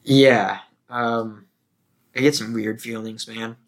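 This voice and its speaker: A man's voice: mid-range voice, steady tone, slow. A man co-hosting a casual album review podcast, joking and crude as he talks about the music. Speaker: podcast co-host.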